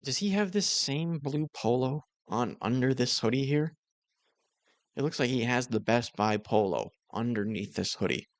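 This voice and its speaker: A man's voice: medium pitch, lively intonation, normal speed, no echo. A man giving casual, mocking commentary on another creator's video. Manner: sarcastic, mocking. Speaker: commentary YouTuber.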